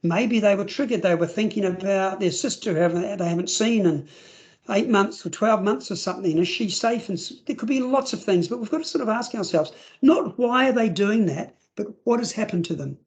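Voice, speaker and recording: A man leads a webinar for foster carers over a video call. His voice sits high for a man, and he talks conversationally with plenty of ums and uhs, often acting out little scenes. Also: brisk. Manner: conversational, acts out scenarios, frequent fillers. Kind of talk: webinar presentation.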